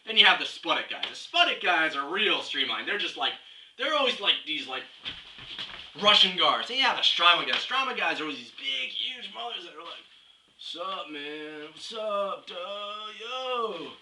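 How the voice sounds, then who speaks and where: A man's voice: high-pitched, very animated, brisk, sharp tone. A young man delivering a rambling, scatterbrained comic rant with mock-serious reasoning, recorded at a distance in a roomy space with faint hiss. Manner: rambling, scatterbrained, jumps between topics. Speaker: comedy video blogger.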